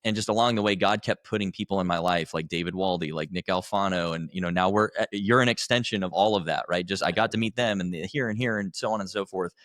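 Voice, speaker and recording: A man with a very low voice talks earnestly as a podcast guest, circling back and restarting his thoughts. The sound is dry and close. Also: fast talker, few pauses, a bit bright, no room sound. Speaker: podcast guest, coach for husbands. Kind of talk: conversational interview.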